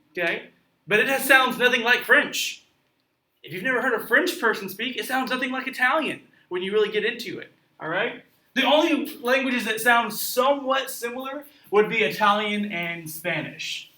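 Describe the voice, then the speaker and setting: In a classroom read-aloud with commentary, a man with a high, sharp-toned voice reads a story and talks it through casually. He frequently puts questions to his listeners. The mic is distant, and the room gives off a noticeable echo.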